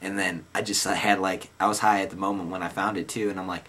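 A man's voice: low voice, little pitch movement, fast, hardly any pauses, sharp tone. Laid-back young man telling a rambling story. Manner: rambling, loose and slangy, lots of "like" and "dude". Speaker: vlogger telling a personal story. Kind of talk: casual storytelling.

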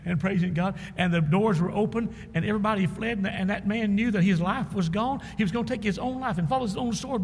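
A man's voice: high voice, breathy edge, big-room sound. A man preaching a sermon as pastor, emphatic, with calls and responses to the congregation. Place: church sanctuary.

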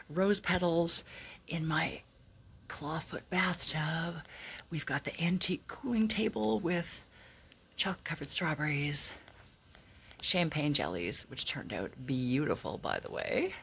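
A woman vlogging at home in a hushed, excited whisper, swearing casually as she shows things off. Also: low-pitched, measured pace, creaky, slight background noise. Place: indoors at home.

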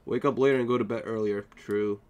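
A man's voice: lowish voice, fairly even intonation, a little fast, a little mellow, lo-fi sound. A tired young man chatting casually with viewers while he plays a live game stream, joking and defending himself. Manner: drowsy, playfully defensive banter.

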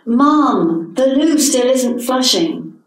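A woman's voice: on the high side, lively intonation, normal speed, darkish tone, voice pushed up, close to an everyday voice. An earnest, proud young man, read by an older English woman protests with prickly dignity. It sounds distant, caught in a hall full of echo. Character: earnest young adult son, proud and touchy. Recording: echoey hall from a distant mic.

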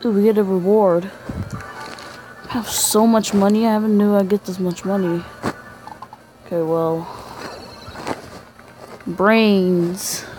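Young male gamer, sick congested voice, slow drawl, rambling chat, faint game music behind. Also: high-pitched, a little mellow, rough recording. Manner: rambling, chatty asides to viewers. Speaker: gaming channel host. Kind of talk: let's-play game commentary.

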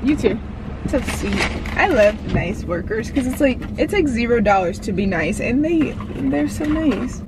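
A young woman chatting to her camera through her day, at home and then driving in her car, animated and talkative. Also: fairly high pitch, measured pace, noisy background. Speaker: vlogger. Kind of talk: casual vlog chat. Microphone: handheld camera.

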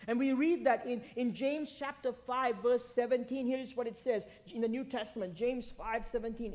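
A pastor giving a sermon in a relaxed, talky manner, often restarting phrases and tagging lines with "right?". The preacher keeps pulling the congregation in with rhetorical questions, at an ordinary middle pitch. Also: moderate pace, hardly any pauses. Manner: conversational, repeats phrases, checks in with 'right?'.

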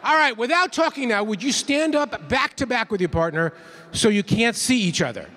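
A man's voice: very high-pitched, animated, normal speed, pushed and bright. A man giving a playful keynote talk, leading the audience in call-and-response counts in a large conference hall. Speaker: keynote speaker. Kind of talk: interactive plenary talk.

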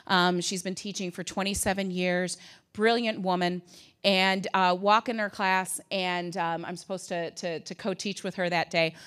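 Bright-voiced woman telling stories at a conference. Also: lowish voice, normal speed, clean tone. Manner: lively storytelling with asides, humor and acted quotes. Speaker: conference presenter. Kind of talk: conference talk.

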